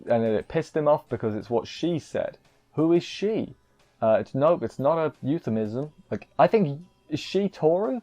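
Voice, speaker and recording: A man's voice: medium pitch, mellow, highs cut off. A man giving a casual, rambling episode recap as an anime reviewer, joking and poking fun at himself. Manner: rambling, self-deprecating, jokey asides.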